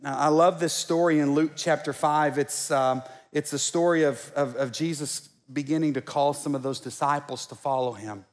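High-voiced pastor in a reverberant hall. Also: male voice, steady tone, moderate pace, few pauses. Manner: conversational, many repeated restarts, joking asides to the congregation. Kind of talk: sermon. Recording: long church-hall reverb.

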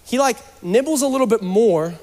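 High-voiced man preaching in a reverberant church. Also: animated, moderate pace, a little mellow. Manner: joking, conversational preaching that rises to fervent urging. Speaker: pastor. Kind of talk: sermon. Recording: long reverb from a church hall.

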